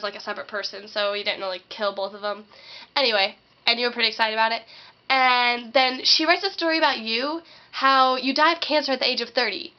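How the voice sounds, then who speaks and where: A teenage girl ranting sarcastically in a vlog, acting out what other people say. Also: on the high side. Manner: sarcastic, acts out quoted voices. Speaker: vlogger. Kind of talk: sarcastic comedic rant. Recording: dull lo-fi webcam audio.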